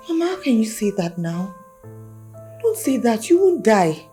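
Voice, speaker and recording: A woman's voice: a little high, big pitch swings, takes it slowly, dark tone, faint music behind. An actress playing a caring young woman who soothes and pleads, with a Nigerian accent. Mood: comforting. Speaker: daughter-in-law.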